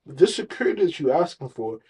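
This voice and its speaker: A man's voice: fairly high pitch, big pitch swings, fast talker, warm tone, breathy edge, poor audio. A man co-hosting a casual podcast, arguing his points and telling stories in slangy, loose speech. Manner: storytelling, argumentative, slangy. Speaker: podcast co-host. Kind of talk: casual chat.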